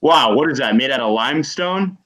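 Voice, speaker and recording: A man's voice: medium pitch, expressive, a little fast, a bit bright. A young man hosting a casual livestream hangout, rambling through stories with lots of fillers. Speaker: stream host. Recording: dull lo-fi stream audio.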